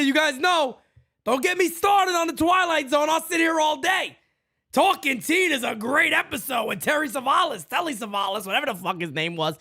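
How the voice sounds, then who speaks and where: A man hosting a live fan chat, loud and full of banter, his voice leaping up and down as he riffs on the viewers' comments. He talks in a rough, swearing, casual way. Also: very high voice. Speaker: live stream host.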